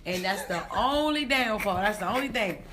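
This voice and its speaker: A woman from Baltimore, Maryland, USA, a comedian guest, tells stories in a casual interview, acting out what people said in different voices and laughing often. Her animated voice sits at medium pitch and moves at normal speed, with slight background noise.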